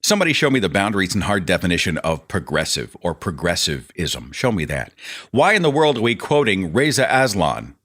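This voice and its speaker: Deep-voiced man, sarcastic podcast host. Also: very animated, a little fast, fairly bright tone. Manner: sarcastic, exasperated asides. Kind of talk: reading an article aloud with commentary.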